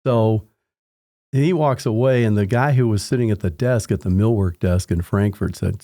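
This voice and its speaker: A man in his sixties speaks in a low, mellow voice as a podcast guest, winding through long anecdotes full of restarts. His voice sounds dry and close, with no room sound behind it. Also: moderate pace, no echo. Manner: rambling anecdotes with frequent restarts, acting out quoted people in raised voices. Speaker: podcast guest, home inspector. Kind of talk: casual storytelling interview.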